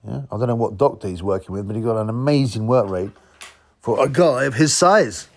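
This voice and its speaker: A man's voice: mid-range voice, fairly quick. Man ranting about boxing. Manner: rambling, combative, chuckling asides. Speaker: boxing channel host. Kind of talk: ranting commentary vlog.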